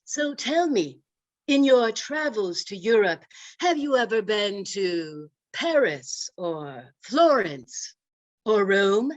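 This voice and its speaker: A woman voicing an elegant, persistent male art dealer with courteous, suave sales patter, pitched lower than her own voice. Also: sing-song, slow, lo-fi sound. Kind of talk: humorous speech impression.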